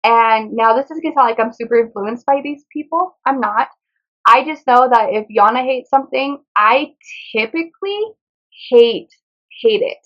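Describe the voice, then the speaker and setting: Chatty book vlogger woman, slightly high. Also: normal speed, muffled recording. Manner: chatty, rambling, trips over titles and names. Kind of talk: casual book haul chat.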